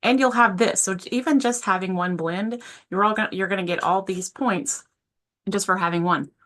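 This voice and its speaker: Speaking fairly quickly in a mid-range, fairly bright voice, a woman teaches composition through an informal screen-share tutorial from her home office. Her manner is chatty and casual, and she frequently stops to correct herself mid-sentence.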